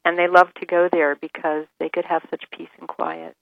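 A woman author talks on a radio interview and tells her stories with animated enthusiasm. Her voice sits somewhat low and close. The sound is dry and dull, like a phone line. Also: moderate pace, dry recording. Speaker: author guest.

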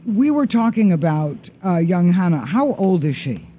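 A middle-aged man hosting a show, chatting casually with a guest and reading out lists of names haltingly. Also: high voice, big pitch swings, dark tone, slight background noise. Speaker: show host. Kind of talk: casual interview chat.

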